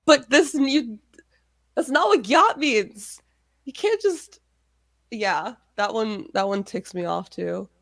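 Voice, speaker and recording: Young woman, podcast co-host, casual and wry, gravelly fry, dry booth sound. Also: a little high, big pitch swings, slow, fairly bright tone, no room sound. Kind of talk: casual chat.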